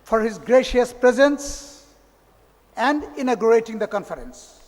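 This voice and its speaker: A man with a Bangladeshi accent giving a formal, measured welcome speech at a conference, sometimes restarting his phrases. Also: very high-pitched, animated. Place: large hotel conference hall. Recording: echoey hall reverb.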